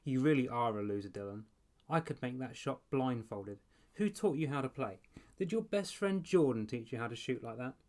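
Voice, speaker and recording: Male narrator playing a taunting teenage bully, loud and sneering. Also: medium pitch, animated, moderate pace, lightly acted. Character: bullying older teenage brother.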